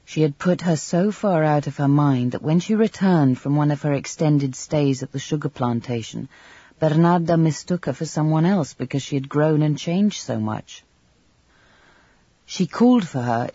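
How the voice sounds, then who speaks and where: Husky man narrating a literary novel. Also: fairly high pitch, dry recording. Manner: measured, even storytelling. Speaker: audiobook narrator. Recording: slightly dull lo-fi audio, dry.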